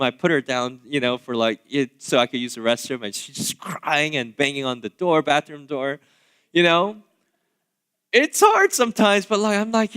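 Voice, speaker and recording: A man's voice: on the high side, a little slow, long pauses, clean tone. A man in his thirties, a pastor giving a sermon in a church, talking casually with lots of fillers and asides. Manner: casual, conversational preaching with many fillers; animated, swinging between loud asides and quiet remarks. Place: church sanctuary.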